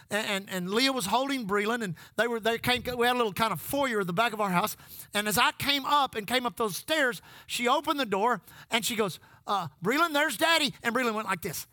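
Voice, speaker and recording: Pastor guy, real high bright voice, dry close sound, chatty sermon stories. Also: no echo. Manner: folksy storytelling preacher, calls out to the congregation.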